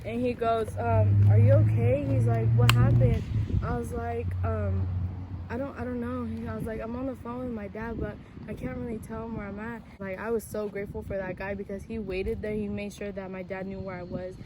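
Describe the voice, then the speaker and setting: A woman's voice: a little high, little pitch movement, a little fast, phone-quality sound, heavy background noise. A young woman casually telling a personal story as co-host, chatty and full of fillers.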